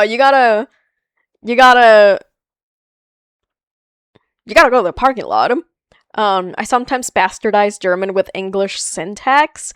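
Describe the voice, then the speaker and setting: A woman streaming a video game, chatting casually with viewers, animated and playful, laughing often and swearing freely. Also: medium pitch, clear, resonant tone, no room sound, studio quality. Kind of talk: casual live-stream chat reading viewer comments.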